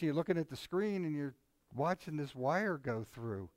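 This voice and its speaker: A man with a fairly high voice co-hosts a casual Bible study at normal speed, recorded dry. His talk rambles conversationally with many asides, and he chuckles often and mimics others animatedly.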